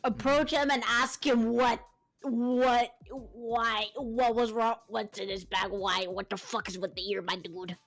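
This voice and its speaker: A woman's voice: on the high side, steady tone, unhurried, a bit bright. A woman guesting on a stream, joking and swearing as she stammers out suggestions for a text adventure, with faint music behind. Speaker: guest co-player. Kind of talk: casual chat.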